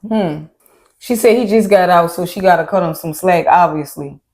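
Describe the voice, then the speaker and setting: A woman's voice: on the low side, moderate pace, darkish tone. A woman co-hosting a reaction show, recapping an episode in casual chat and acting out what the people said. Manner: laid-back, acts out quotes from the episode.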